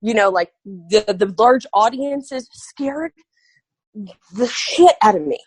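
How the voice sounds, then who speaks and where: A woman's voice: a little high, slow, slightly rough, dry recording. A woman guest on a podcast, telling a story animatedly and acting out quoted dialogue. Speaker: guest artist.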